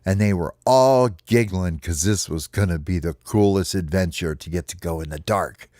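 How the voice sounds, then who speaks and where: A man telling a playful children's story to his kids in an animated way. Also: deep voice, moderate pace, dry recording, studio quality. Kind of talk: bedtime storytelling.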